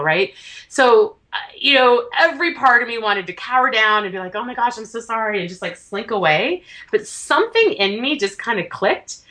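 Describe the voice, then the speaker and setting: A woman being interviewed, telling lively stories and laughing often in casual chat. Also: mid-range voice. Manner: animated storyteller, laughs often. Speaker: interview guest, business consultant.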